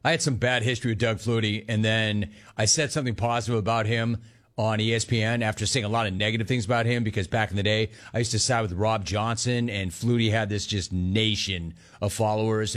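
A man's voice: lowish voice, fairly even intonation, brisk, fairly bright tone. A man hosting a call-in sports talk radio show, brash and joking, calling people dude and bro.

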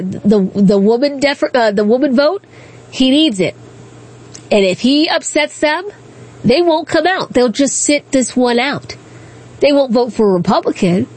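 A woman hosting a call-in radio talk show, chatty and quick, laughing often between points. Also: high-pitched, darkish tone.

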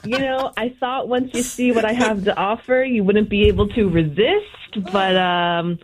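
A woman's voice: medium pitch, fairly even intonation, moderate pace, noisy background. A confident woman calling in to a radio show, flirty and playful, joking about herself. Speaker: caller. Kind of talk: radio call-in chat.

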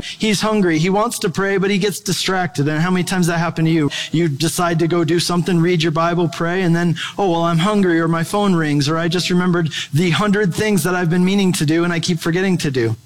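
A man preaching a sermon in a conversational, playful way. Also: fairly high pitch. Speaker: pastor. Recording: long hall reverb.

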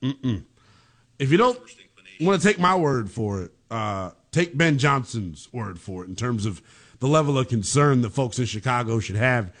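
A man's voice: medium pitch, animated, moderate pace, a bit bright. A man hosting a sports talk show, giving heated, emphatic commentary with casual slang. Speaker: sports radio host.

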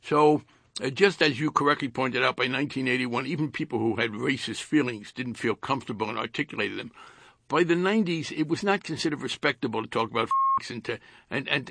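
An older man with a New Jersey accent, a retired congressman in a radio interview, speaking haltingly with dry wit and repeated words. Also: mid-range voice, gravelly, sharp tone, husky, no room sound.

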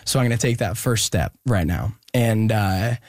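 A young man telling a personal story in an interview, halting and earnest with many pauses and restarts. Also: lowish voice, no room sound, studio quality. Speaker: guest musician.

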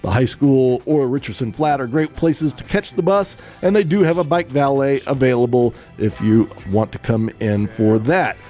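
A man's voice: medium pitch, moderate pace, hardly any pauses, soft background music. A man hosting a local radio show, chatting casually and reading the weather while losing his voice. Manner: relaxed, chatty, laughs at himself. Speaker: radio host. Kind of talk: live radio talk and weather report. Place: radio studio. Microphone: studio microphone.

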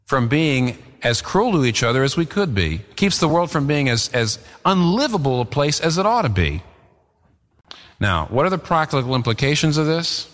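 A man preaching a sermon as pastor, earnest and emphatic, his pitch rising and falling as he presses his points. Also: a bit bright, in a large hall.

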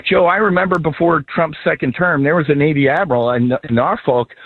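A man speaks bluntly and emphatically as a radio guest, a military veteran making his points in a folksy way. His voice is husky and comes through a dry, tinny phone line. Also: a little high, a little fast, dry recording.

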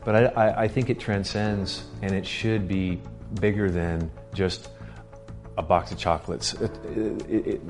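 A man's voice: fairly low pitch, steady tone, measured pace, a little mellow, faint music behind. A man co-hosting a faith-based marriage talk with his wife, reflective and often repeating words as he thinks. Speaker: co-host, husband. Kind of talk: casual faith-based chat.

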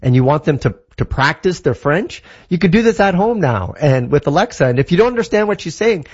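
A man's voice: a little high, big pitch swings, a little fast, a little mellow, breathy edge, highs cut off. A man from Canada explaining a tech product in an enthusiastic, casual way, with lots of examples and fillers. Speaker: tech guest.

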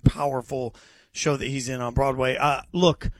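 A man's voice: moderate pace, no room sound. A man in his forties, a sports radio host, talking casually and enthusiastically about movie outings in a studio. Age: 40s. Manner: excitable, enthusiastic pitching. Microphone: studio mic.

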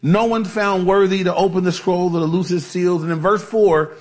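A man's voice: high-pitched, fairly even intonation, normal speed, a little mellow. A man preaching a conversational Bible-teaching sermon, casual and chatty, with frequent asides and restarts. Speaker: pastor.

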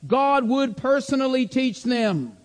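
A man's voice: extremely high pitch, lively intonation, takes it slowly, long reverb tail. A man teaching a sermon-style Bible lesson, emphatic, repeating key phrases and checking in with the listeners. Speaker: preacher.

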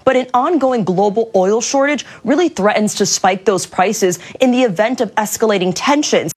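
A woman's voice: on the high side, normal speed. A woman news correspondent reading a radio report evenly.

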